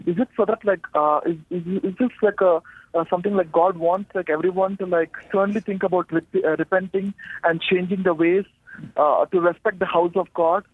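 A young man from India calls in over a tinny, dry phone line, his voice a little raised. He asks haltingly, circling back with fillers and restarts. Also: high voice, steady tone, husky, dry recording. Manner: hesitant, many fillers and restarts. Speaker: caller. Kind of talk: call-in question.

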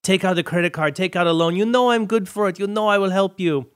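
A man voicing a smooth-talking male con man begging for a loan, his voice raised and pleading. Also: high-pitched, fast, pitched above the performer's own voice, natural voice.

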